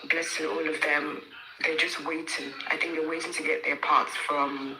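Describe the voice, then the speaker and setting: A woman talking in a halting, emotional way, with many fillers and restarts, in a casual online discussion. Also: low-pitched, flat delivery, noisy background. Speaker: participant in an online audio room. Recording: echoey with faint music behind.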